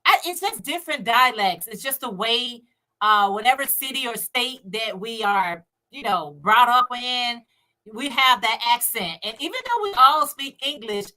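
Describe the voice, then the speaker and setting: A woman's voice: fairly high pitch, sharp tone. A woman with a Chicago accent, chatting casually on a livestream and reading viewer comments aloud. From United States. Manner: chatty, laughs often, talks to viewers directly. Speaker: co-host filling in on a livestream.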